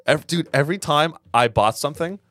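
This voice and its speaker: A man's voice: fairly high pitch, normal speed, a bit bright, no echo, clean studio sound. A man co-hosting a casual podcast chat, throwing in joking asides. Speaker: podcast co-host.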